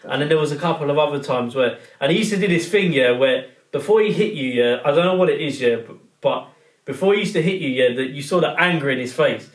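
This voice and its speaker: A young man telling animated, slang-heavy stories in a casual podcast chat. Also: on the high side, quick pace. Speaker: podcast guest or co-host. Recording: roomy, distant mic.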